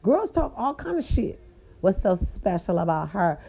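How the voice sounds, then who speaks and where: A woman tells a casual story straight to her podcast audience. She is sassy and animated, and she jumps high in pitch to land her points. Her voice is mellow and warm, and the audio is a little dull and lo-fi. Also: moderate pace, gravelly, husky. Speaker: podcast host.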